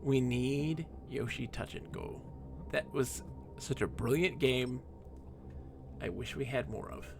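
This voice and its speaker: A man streaming a game, telling a rambling personal story in a chatty, animated way. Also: mid-range voice, slow pace, vocal fry, music in the background. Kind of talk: casual storytelling while playing a game.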